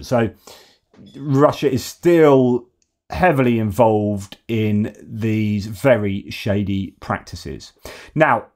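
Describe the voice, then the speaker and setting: A UK man hosts a casual news commentary show, speaking loosely and slipping in sarcastic, mocking asides. His voice is lowish with a darkish tone.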